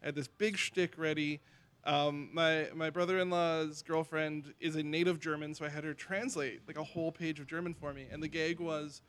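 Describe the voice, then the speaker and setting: A man guesting on a podcast as a burlesque host, from Canada, telling stories in animated casual chat. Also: a little high, moderate pace, clean tone. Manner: animated storyteller, lots of "like".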